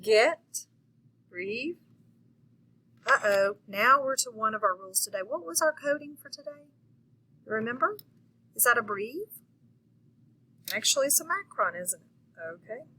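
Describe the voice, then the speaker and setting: Woman teacher, encouraging phonics lesson voice, bright and slightly husky. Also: on the high side, sing-song, normal speed, long pauses, rough recording. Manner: patient, encouraging, checks in often. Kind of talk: phonics lesson for young children.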